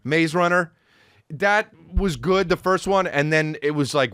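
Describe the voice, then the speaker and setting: Animated, rambling male podcast host. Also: fairly high pitch, measured pace, no echo, clean studio sound. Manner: rambling, profane, animated, breaks into sung snippets. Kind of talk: casual comedic rant.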